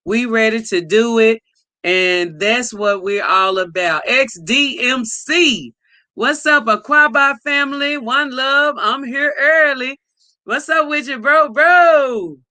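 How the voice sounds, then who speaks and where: Upbeat woman livestream host, slow and bright. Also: a little high, no room sound. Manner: warm, enthusiastic shout-outs to chat. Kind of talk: casual livestream greeting viewers.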